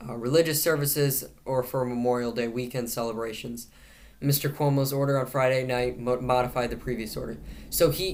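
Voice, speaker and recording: A man hosting his own news commentary show, reading stories aloud in a casual way. He adds sarcastic jokes and often stops to correct himself. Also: medium pitch. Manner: frequent self-corrections and restarts.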